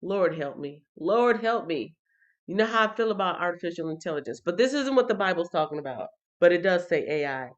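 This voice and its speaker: A woman's voice: medium pitch, dull audio. A woman hosting a casual livestream Bible reading, chatting straight to her viewers. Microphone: computer or phone mic on a livestream.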